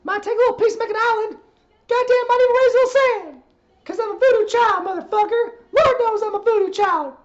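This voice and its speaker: A man doing a very high, squeaky impression of a man mimicking a cursing wrestling manager, singing fast. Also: muffled recording. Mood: squealing.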